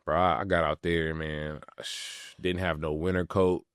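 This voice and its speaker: A young man from California, a podcast host and former pro athlete, telling stories in relaxed slangy talk with frequent laughs. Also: very deep voice, measured pace, clear, resonant tone, dry recording, clean studio sound. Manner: laid-back slangy talk, laughs often. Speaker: podcast host, retired pro basketball player. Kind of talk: casual storytelling.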